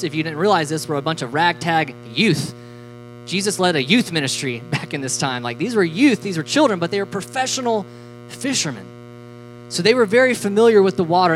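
A youth pastor giving a casual sermon, animated and chatty, joking with the room and slipping in fillers. Soft music plays faintly underneath. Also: medium pitch, rough recording.

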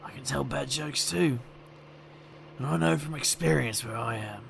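A wisecracking, weary detective, as a man plays him, narrates his own scrape in first person. The voice sits mid-pitch with a gravelly edge, and faint ambience runs under it. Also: moderate pace, fairly bright tone, a little hiss or hum. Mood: wry. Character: wry, sardonic male detective, weary and broke.

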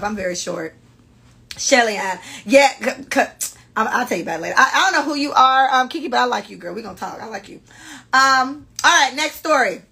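A young woman hosting a podcast, chatting casually and reading listener stories in a brash, animated way. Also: medium pitch, gravelly. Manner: animated, brash storytelling with frequent cursing. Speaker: podcast host.

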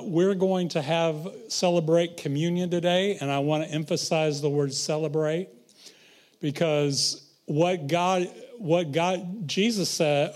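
High-voiced man preaching slowly. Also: darkish tone. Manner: asks the congregation questions, quotes scripture. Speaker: pastor. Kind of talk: sermon.

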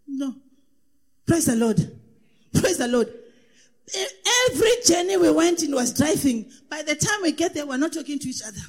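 A woman preaching a sermon in a sing-song cadence, swinging between impassioned shouts and hushed asides. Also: high-pitched, expressive, normal speed. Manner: sing-song cadence, repeats praise refrains.

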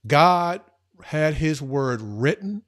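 Earnest man guest with slightly high voice. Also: animated, fairly bright tone. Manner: earnest and emphatic, speeding up and slowing down. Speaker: podcast guest. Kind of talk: casual conversational podcast talk.

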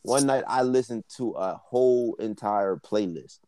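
A man's voice: fairly low pitch, measured pace, mellow, no echo. A young man co-hosting a podcast, telling a long story in loose, profane casual chat full of "like" and "yo". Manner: rambling, profane, fillers of "like" and "yo". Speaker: podcast co-host.

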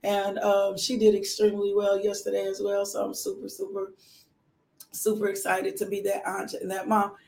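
A hoarse woman hosting a casual morning devotional livestream, praying with repeated thanks and greeting viewers by name. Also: medium pitch, monotone, moderate pace, darkish tone, roomy sound. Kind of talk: casual devotional talk and prayer.

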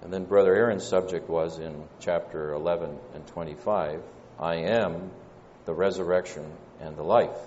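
A man with a Southern American accent preaching a sermon, measured and pausing, often saying "uh". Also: low voice, fairly even intonation, a little mellow, a little hiss or hum. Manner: measured, pausing delivery with frequent "uh" fillers. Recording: dull lo-fi church recording with long reverb.

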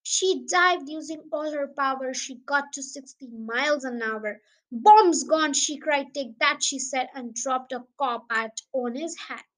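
A young girl with a high, bright voice reads a children's poem for her podcast. She recites eagerly in a sing-song storyteller's lilt. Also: unhurried, few pauses, low-quality recording. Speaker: podcast host and reader. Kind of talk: reading a children's poem aloud.

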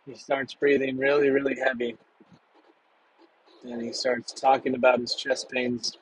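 A man telling a personal story from his past in a halting, measured way with long pauses. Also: medium pitch, level tone, a little hiss or hum, low-quality recording.

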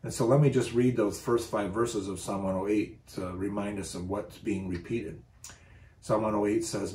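A man's voice: lowish voice, steady tone, moderate pace, a little mellow, reverberant, a little hiss or hum. A man preaching a sermon, speaking earnestly and rising with emphasis when he reads scripture.

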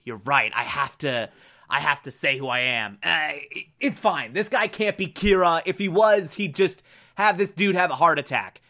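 A man voicing a nervous male FBI agent in a low, hushed, hurried voice. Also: lively intonation. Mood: hushed worry.

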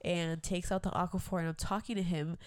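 A woman's voice: fairly low pitch, brisk, clean tone, dry recording, studio quality. A young woman co-hosting a casual podcast chat, telling a story animatedly and acting out what people said. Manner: animated storyteller, acts out quotes. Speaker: podcast co-host.

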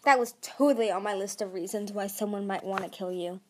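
A woman's voice: medium pitch, a little fast, a little mellow, a little hiss or hum, close to an everyday voice. A woman voicing a cheerful, breezy young female dragon.

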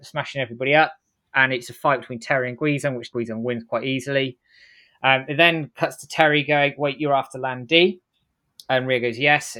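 A man co-hosting a podcast, briskly recapping an episode and tossing off the characters' quotes as he goes. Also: mid-range voice, sharp tone. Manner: brisk storytelling, acts out quotes in passing. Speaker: podcast co-host. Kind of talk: casual recap narration.

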